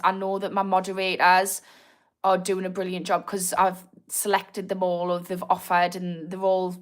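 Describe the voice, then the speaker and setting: Hosting a relaxed live-stream chat, a Newcastle woman speaks with a Geordie accent tinged with a slightly posh edge, her voice mid-range and a bit bright. She's candid and talkative, swearing freely while reading out and responding to viewer comments.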